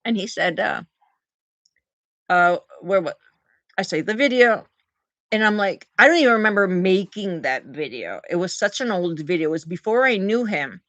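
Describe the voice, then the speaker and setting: A woman chatting on a live stream and thanking viewers for gifts. She is recovering from oral surgery and tells her story in an animated way, acting out the quotes. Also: mid-range voice, moderate pace, no room sound. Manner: animated storyteller, acts out quotes in big voices. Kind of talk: casual live-stream chat.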